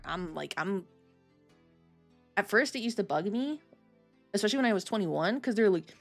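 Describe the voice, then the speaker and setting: A woman in her thirties chatting casually on a livestream, telling stories with lots of swearing and quick restarts. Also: mid-range voice, animated, soft background music. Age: 30s. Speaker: streamer.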